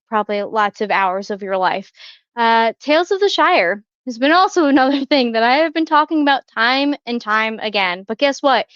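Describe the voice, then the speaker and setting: A woman's voice: a little high, a bit bright, smooth, no echo, highs cut off. A woman co-hosting a pop culture podcast, chatting casually with lots of fillers, restarts and small laughs. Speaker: podcast co-host. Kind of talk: casual chat.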